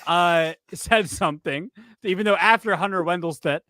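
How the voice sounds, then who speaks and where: A man's voice: sits high, normal speed, pushed and bright, no room sound. A man co-hosting a casual sports chat, rambling and interrupting himself with joking asides. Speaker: podcast co-host.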